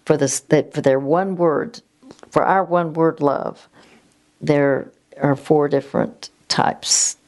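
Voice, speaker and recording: Slow, gravelly-voiced woman telling a faith story. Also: deep voice, fairly even intonation. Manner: slow, gentle, with halting restarts. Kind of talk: reflective faith testimony.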